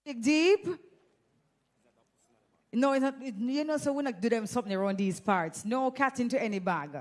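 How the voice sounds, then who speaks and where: A woman's voice: on the high side, moderate pace. A Jamaican woman hosting a live event on a handheld microphone, teasing the audience and running prize games. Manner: playful, teasing, energetic. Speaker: event host.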